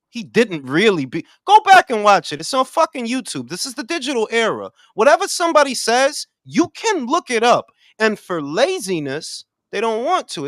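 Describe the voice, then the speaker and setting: Man co-host, profane animated ranter, lively pitch, dry mic. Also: no room sound. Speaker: podcast co-host. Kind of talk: casual boxing talk.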